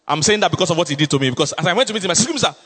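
A man with a Nigerian accent, a pastor telling a story in a sermon, swinging between low asides and loud exclamations. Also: animated, racing, breathy edge. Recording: long hall reverb.

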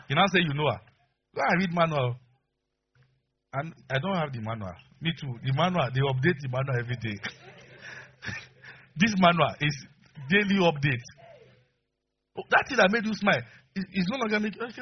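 A man preaching a sermon as pastor, telling stories with animated delivery and frequent laughter, on a dull lo-fi recording. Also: medium pitch, moderate pace, long pauses, slightly rough. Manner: animated storyteller, acts out voices, laughs often.

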